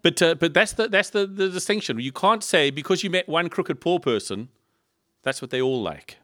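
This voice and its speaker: Lively preacher, higher voice. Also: male voice, moderate pace, no room sound, studio quality. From South Africa. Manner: lively, rhetorical questions and humorous asides. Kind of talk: sermon. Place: church in Liverpool.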